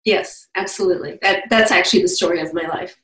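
A woman's voice: fairly low pitch, quick pace, a bit bright. A middle-aged woman, a guest coach in an interview, telling stories with enthusiasm and frequent laughter. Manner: enthusiastic storyteller, laughs often. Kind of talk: conversational interview. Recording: roomy, distant from mic.

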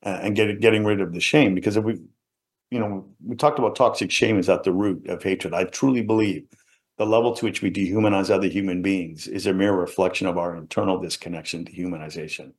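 Deep-voiced man telling his story. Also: fairly even intonation. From England, around Liverpool. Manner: earnest, halting, often trailing off quietly. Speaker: interview guest. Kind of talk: reflective personal storytelling.

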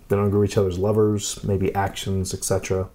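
Male podcast co-host, very low voice, easygoing chat, lots of "right?" tags. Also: quick pace. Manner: relaxed, says "right?" often, frequent fillers.

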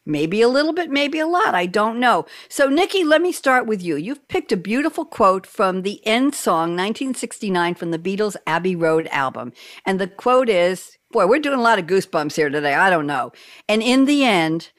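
A woman's voice: mid-range voice, big pitch swings, moderate pace, dry recording, clean studio sound. A woman hosting a radio talk show over a video call, telling a story with emotion and laughter. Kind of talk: casual talk show chat.

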